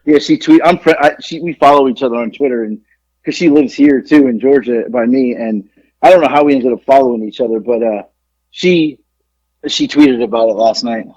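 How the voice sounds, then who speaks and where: A man's voice: medium pitch, brisk, darkish tone, no echo. A man co-hosting a podcast, telling a long story in a rambling, profane way with many restarts. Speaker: podcast co-host. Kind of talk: casual storytelling chat. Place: home studio in Georgia. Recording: dull lo-fi dry sound.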